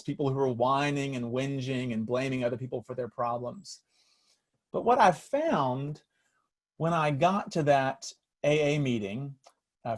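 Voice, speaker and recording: A man, a pastor, telling a story in an earnest, reflective sermon style with frequent restarts, speaking over a video call. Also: medium pitch.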